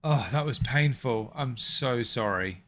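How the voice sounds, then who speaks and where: A livestream host with a medium-pitched, sharp-toned voice speaks a little slowly as he chats casually with viewers. He mutters and swears to himself, then apologizes.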